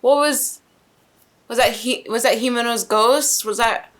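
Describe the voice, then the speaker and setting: High-voiced woman, stunned exclamations. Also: measured pace, a little hiss or hum. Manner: exclamatory, stunned questions, swears freely. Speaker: anime reaction host. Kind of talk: live reaction commentary.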